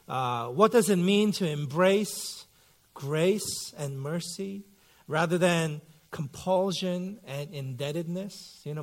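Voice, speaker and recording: In a church sanctuary, a slightly high-voiced man in his thirties gives a laid-back, storytelling sermon, his pastoral talk loaded with filler words.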